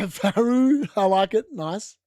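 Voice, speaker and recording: A man's voice: high voice, slow pace, darkish tone, dry recording, studio quality. A young adult man with an Australian accent, hosting a casual live football watchalong and reacting to the chat. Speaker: watchalong host.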